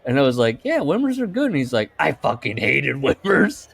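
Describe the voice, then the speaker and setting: A man's voice: sits high, big pitch swings, moderate pace. A man co-hosting a podcast, telling rambling stories in casual chat, laughing often and swearing. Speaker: podcast co-host.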